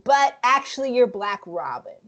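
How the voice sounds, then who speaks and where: A woman co-hosting a casual film review chat, frank and profane, speaking in an animated way. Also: on the high side, moderate pace. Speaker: podcast co-host.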